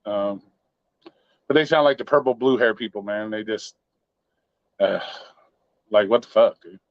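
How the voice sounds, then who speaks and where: A man's voice: on the low side, a little slow, dry recording. A man hosting a casual live-stream chat, joking and swearing in a laid-back way. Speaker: show host. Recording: dry, dull lo-fi sound.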